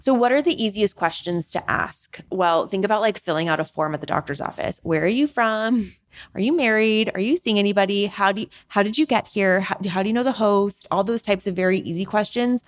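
A woman's voice: medium pitch, brisk. A young woman hosting a podcast, telling stories casually, full of "like" fillers and acted-out quotes. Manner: chatty, frequent "like", animated rants with acted-out quotes. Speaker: podcast host. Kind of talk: casual storytelling monologue.

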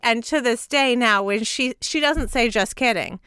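A woman in her thirties hosting an interview, chatty and animated, saying "like" a lot. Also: on the high side, normal speed, hardly any pauses, smooth, no room sound, studio quality. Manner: chatty, heavy use of "like", animated storytelling. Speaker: podcast host. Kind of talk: casual interview chat.

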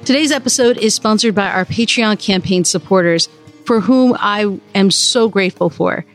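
A woman's voice: medium pitch, moderate pace, soft background music. A woman hosting her podcast in upbeat, chatty conversation with guests. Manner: upbeat and chatty, laughs easily. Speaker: podcast host. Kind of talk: casual interview chat.

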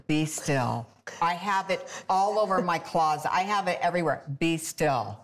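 A woman with a low-pitched voice hosts a Christian talk show. She gushes, stumbles over her words and repeats phrases, often reading devotional passages aloud. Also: normal speed, fairly bright tone.

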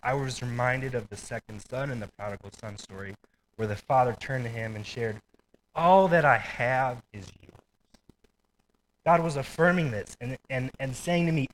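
A man's voice: medium pitch, moderate pace, rough recording. A man preaching a sermon in a casual, conversational way, with asides and light laughter. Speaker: pastor.

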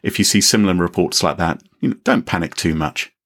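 A man's voice: low-pitched, brisk, a bit bright, breathy edge. A man co-hosting a casual chat, jokey and exclamatory. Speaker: podcast co-host.

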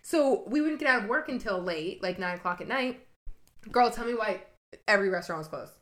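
A woman's voice: medium pitch, lively intonation, fairly quick, a bit bright. A young woman from Ohio co-hosting a podcast, chatting casually with lots of fillers and putting on accents now and then. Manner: chatty, many fillers, puts on accents while telling stories. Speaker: podcast co-host. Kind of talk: casual chat.

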